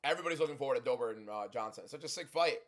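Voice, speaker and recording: A young man hosting a livestream, talking loudly and chatting casually as he reads and answers viewer comments. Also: medium pitch, animated, very fast. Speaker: livestream host.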